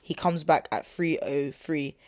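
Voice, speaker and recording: A podcast host, a young woman with a deep, steady and slightly mellow voice, speaks at a measured pace in a dry, clean studio recording. She tells listeners about an argument with indignation, chatty and slangy, full of asides and "not gonna lie" fillers.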